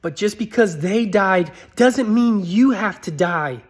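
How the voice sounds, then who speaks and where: A man speaks in an earnest, pleading monologue, telling his own story. His voice sits a bit on the high side and climbs well higher when he begs. The delivery is heartfelt and direct. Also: animated, slow pace. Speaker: motivational speaker.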